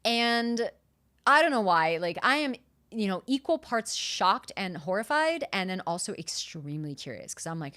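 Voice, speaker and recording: A woman hosting a solo podcast, retelling a personal story in an animated, casual way, with lots of fillers and the odd swear word. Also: medium pitch, normal speed. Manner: casual, uses profanity. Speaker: podcast host.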